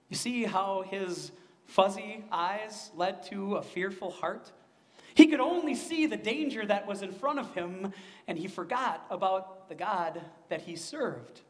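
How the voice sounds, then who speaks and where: A man's voice: high-pitched, expressive, a little slow, big-room sound. A man preaching a sermon in an earnest way, often asking his listeners questions. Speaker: pastor.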